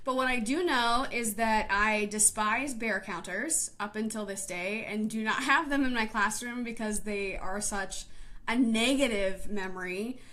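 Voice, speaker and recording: A woman in her twenties, a teacher, tells a personal story in a vlog recorded on a live stream camera, speaking emotionally and close to tears. Her voice is a little high, bright and pushed, and she takes her time.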